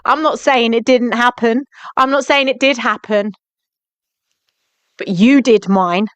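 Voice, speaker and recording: A young woman talks straight into her phone on a live stream, indignant and pressing, repeating pointed questions at her viewers. Her voice sits a bit high and sounds crisp and clean, with a dry, close sound and no room around it. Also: a little slow, a bit bright, dry recording. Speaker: livestreamer. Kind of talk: angry live-stream rant.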